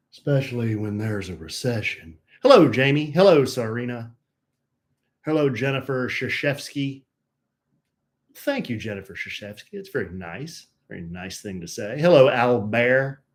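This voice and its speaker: A man's voice: mid-range voice, very animated, a little slow. A man co-hosting a live stream, chatting casually and greeting viewers by name in a jokey, rambling way.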